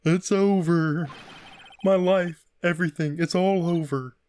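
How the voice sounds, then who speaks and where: A man voicing a hungover, despairing young man in a video game play-through, wailing in a drawn-out delivery. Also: sits high, steady tone, darkish tone, voice pushed up.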